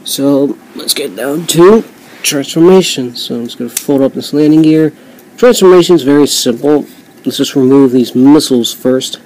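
In a low-quality recording, a man with a medium-pitched, slightly mellow voice gives a rambling, casual review of a toy he customized himself at home. Fillers and hasty apologies fill his speech, and he drifts off the mic at times while handling the toy.

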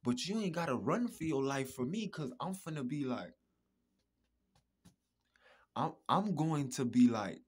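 A man talking in a casual podcast monologue, emphatic, repetitive and profane, with a husky voice. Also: mid-range voice, lively intonation, unhurried, pauses often. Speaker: podcast host.

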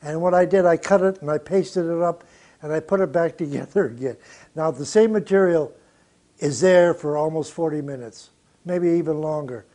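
Older man, high-voiced, bluntly storytelling. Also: normal speed. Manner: animated anecdotal, blunt and profane, with chuckles. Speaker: record producer. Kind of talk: interview storytelling.

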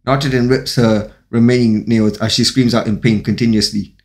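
A man's voice: medium pitch, steady tone, brisk, a little mellow. A man narrating a fan-fiction story in a plain, run-on reading with occasional slips. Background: faint music.

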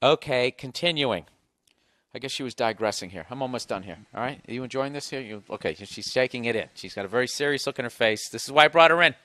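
A man hosting a low-budget podcast, reading listener letters aloud with rambling, profane, wry asides. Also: quick pace, sharp tone, no echo. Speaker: podcast host. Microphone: single podcast microphone. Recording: dry close-miked sound.

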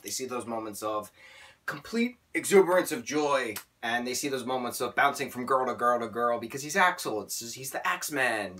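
A man in his late twenties with a bright, forceful voice rambles emotionally through a casual vlog, restarting sentences as he goes. He sits a little back from the mic. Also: mid-range voice, far from the mic. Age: late 20s. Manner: emotional, rambling, self-correcting. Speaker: vlogger.

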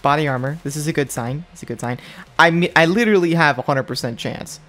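A man's voice: a little high, quick pace, a bit bright, soft background music. A young man giving exasperated commentary while opening mobile game packs, ranting and jumping up in disbelief.

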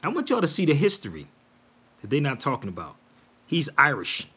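A fairly high, breathy male voice moves a little fast in this livestream clip. The host preaches with animation, casually pressing his points and calling out to viewers as "y'all."

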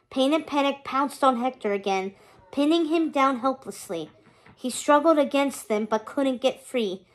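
A woman reading a children's chapter book aloud in an expressive, steady way. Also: high-pitched, a little slow. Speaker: storybook reader.

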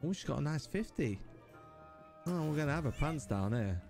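Young guy streaming, sweary and shouty, voice swings all over, game music under. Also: a little high, lively intonation, normal speed, creaky. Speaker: gaming streamer. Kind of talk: live gameplay commentary.

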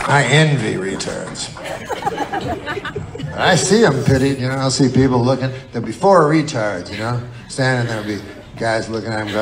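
A man's voice: mid-range voice, expressive, moderate pace, vocal fry, over a noisy crowd. A middle-aged man doing live stand-up on stage, telling a rambling, meandering story full of curses. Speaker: stand-up comedian. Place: live comedy show venue. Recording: live show with audience laughter. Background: audience laughter.

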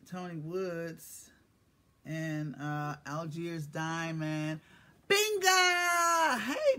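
A woman's voice: deep voice, gravelly, a little hiss or hum. A middle-aged woman hosts a casual morning live stream, teasing, profane and playful, greeting viewers by name. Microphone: phone or webcam live stream.

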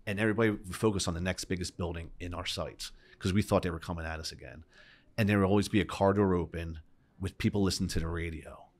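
A middle-aged man, a podcast guest, retelling a personal story with lively quoted voices. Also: sits low, quick pace.

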